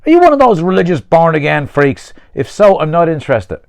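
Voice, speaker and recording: A man's voice: fairly high pitch, sing-song, a little fast, vocal fry, no room sound, voice pushed up. A man reading the lines of a blunt, swearing Dublin man near fifty in his novel. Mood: defensive. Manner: swearing, brusque.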